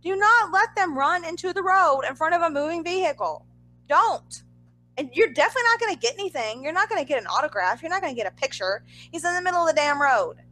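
A woman co-hosting a casual chat, telling a story in an animated way with lots of fillers and asides. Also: very high voice, poor audio. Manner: animated, talks fast with frequent fillers and asides. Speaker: podcast co-host.

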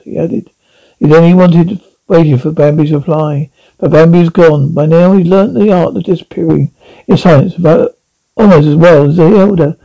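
A man reading a classic animal novel aloud, halting now and then with slips and restarts. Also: fairly high pitch, gravelly, dark tone, poor audio. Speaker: audiobook reader. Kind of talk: storybook narration.

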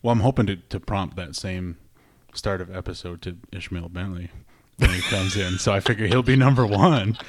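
A man's voice: sits low, moderate pace. A man hosting a podcast, chatting casually in a joking, teasing way. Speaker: podcast host.

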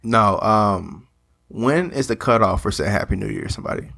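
A man's voice: fairly low pitch, animated, moderate pace, vocal fry, bright, forceful tone. A man co-hosting a casual podcast chat in a laid-back, teasing way. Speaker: podcast co-host.

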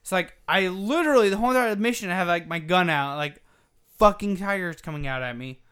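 A high, clean-toned voice moves fairly quickly as this gaming podcast co-host spins a long, profane, animated tale in casual conversation, performing the quotes along the way.

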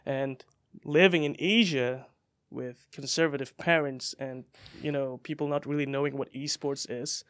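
A young man from Indonesia, a guest in a podcast studio, telling his story in a relaxed way with many fillers. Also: mid-range voice, normal speed, hardly any pauses, dry recording. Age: young adult. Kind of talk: casual interview.

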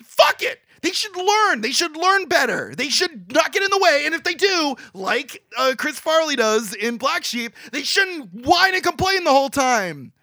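Man, podcast co-host, swearing movie rant, lively pitch swings, bright tone, dry close sound. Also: no echo. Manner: exasperated, swearing rant with quick voiced impressions. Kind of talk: casual movie review chat.

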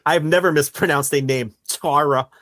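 A man's voice: fairly high pitch, expressive, moderate pace, a bit bright, no echo, clean studio sound. A man with an Ohio accent, co-hosting a podcast in casual chat, teasing and joking with his partner. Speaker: podcast co-host.

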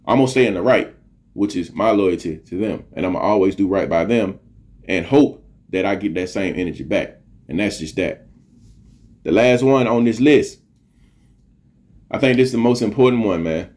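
At a moderate pace with long pauses, a middle-aged man with a lowish, dark-toned voice delivers an earnest motivational monologue on his podcast. He's preachy, drives points home by repeating phrases, and curses casually.

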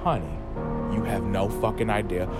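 A man's voice: medium pitch, sing-song, normal speed, close to an everyday voice. A man voicing a sassy, ruthless female demon queen with a campy, drawling diva delivery. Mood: taunting. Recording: music playing under the voice.

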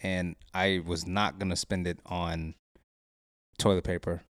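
Low-voiced man telling a rambling story. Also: little pitch movement, a little slow, fairly bright tone, dry recording. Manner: rambling storyteller, laughs often. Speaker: podcast co-host. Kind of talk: casual crude chat.

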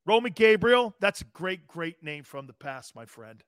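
Brash, high-voiced sports talk host. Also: male voice, very animated, normal speed, fairly bright tone, smooth, no room sound, studio quality. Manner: brash and profane, talks straight to viewers; combative, playfully needling callers and commenters. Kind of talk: live show, reading and answering viewer comments.

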